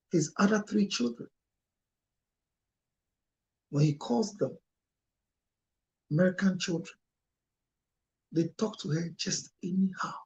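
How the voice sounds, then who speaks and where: A man speaking as a marriage counselor in an impassioned monologue, emotional and close to tears at times, his voice jumping suddenly higher and louder. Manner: emotional, with sharp rises in pitch and loudness.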